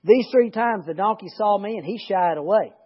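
A man reading the slow, deliberate lines of a stern angel from a Bible story. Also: high-pitched, breathy edge. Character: stern sword-bearing angel, male. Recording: lo-fi recording.

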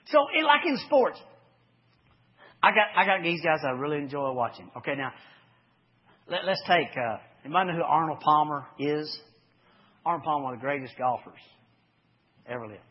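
A man preaching a folksy sermon, swinging from loud to hushed as he tells sports stories. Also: fairly high pitch, lively intonation, moderate pace, pauses often, breathy edge. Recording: dull lo-fi recording.

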